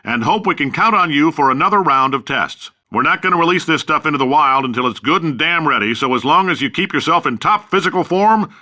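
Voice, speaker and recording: A man's voice: a little high, lively intonation, brisk, hardly any pauses, sharp tone. An actor playing a brash, boastful middle-aged company boss with sarcastic salesman's patter in a video game. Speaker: company founder and CEO.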